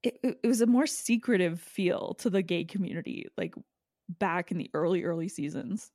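A woman's voice: on the low side, lively intonation, moderate pace, darkish tone, no room sound, studio quality. A woman co-hosting a podcast, chatting casually in a snarky, gossipy way and laughing often. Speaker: podcast co-host. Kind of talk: casual chat.

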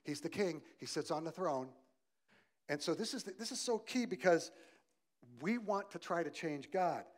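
A male pastor preaching a sermon, swinging from loud emphasis to quiet softness and asking the congregation direct questions. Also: a little high, animated, moderate pace.

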